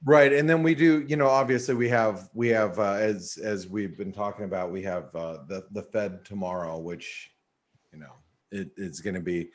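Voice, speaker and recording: A man's voice: fairly low pitch, fairly even intonation, normal speed. Tired, rambling man hosting a webinar. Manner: loose and rambling, many fillers. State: tired and yawning. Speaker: webinar host. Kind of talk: casual market commentary.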